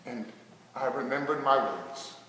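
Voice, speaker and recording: A pastor playing the apostle Peter, an ashamed and grieving grown man, in a dramatic first-person sermon monologue that swings from hushed tones to shouting. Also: medium pitch, a little slow, slight background noise. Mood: remorseful. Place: large church sanctuary. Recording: echoey church hall from far off.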